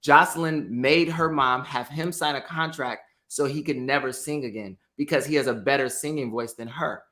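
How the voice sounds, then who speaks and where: Bright-voiced man arguing his point. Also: medium pitch, moderate pace. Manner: argumentative, presses his point. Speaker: podcast co-host. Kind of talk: casual recap chat.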